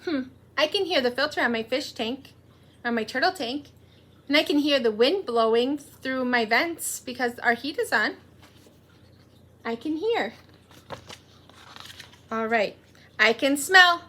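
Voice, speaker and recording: A high-voiced woman teacher leads young kids through a morning meeting in their home room. Her delivery is slow, animated and sing-song, full of questions for the children.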